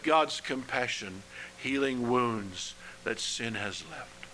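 A man preaching a sermon in a slow, earnest way, letting his phrases drop softly at the ends. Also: medium pitch, poor audio.

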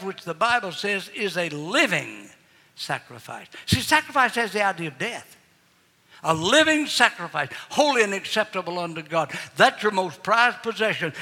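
A man's voice: high voice, sharp tone. An older man preaching a sermon, mixing folksy personal stories with fervent exhortation in a large auditorium. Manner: folksy Southern storytelling, rising to fervent exhortation. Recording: long hall reverb.

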